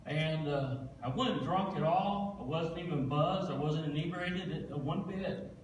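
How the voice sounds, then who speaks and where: With an unhurried, somewhat high voice, a guest speaker in his 40s recounts his story in a church service, using folksy Southern expressions and plain language. The audio is dull and carries a little hiss or hum, recorded from afar in an echoing sanctuary.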